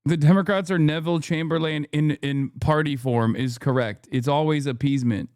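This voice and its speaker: A man's voice: on the high side, steady tone, fairly quick, darkish tone, smooth, no echo, studio quality. A man streaming as a commentator, reacting to news clips in heated, sarcastic rants and mocking impressions.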